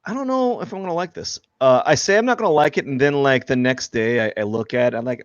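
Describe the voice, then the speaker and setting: A man's voice: medium pitch, animated, quick pace, few pauses, dry recording, dull audio. A man chatting casually and joking about himself while he draws on a live stream. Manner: rambling, self-deprecating, joking. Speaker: artist streaming live drawing.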